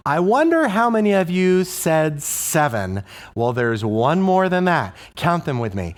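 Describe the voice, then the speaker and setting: A man's voice: on the high side, sing-song, measured pace. A male elementary music teacher explaining a singing game to other teachers, asking the viewer questions and chanting rhythm syllables. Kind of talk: instructional video for music teachers.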